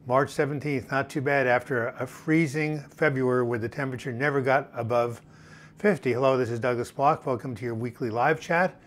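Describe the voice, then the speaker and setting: A man's voice: mid-range voice, steady tone, brisk. A man hosting a casual weekly live chat from home. He reads viewers' names and comments aloud, with frequent fillers. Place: home in Portland, Oregon. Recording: faint background noise from outdoors. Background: faint music and outside noise.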